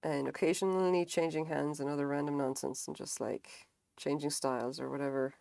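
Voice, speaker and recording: A tired woman chats casually on a live stream as she crochets, her voice steady, fairly quick, gravelly and warm, with no room sound. She rambles and is self-deprecating, swears now and then, and acts out quotes in higher voices.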